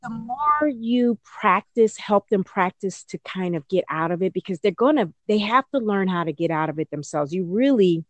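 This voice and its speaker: A woman, an early childhood educator, answering interview questions in a casual, animated way, often slipping into playful high voices. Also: normal speed, few pauses, dry recording.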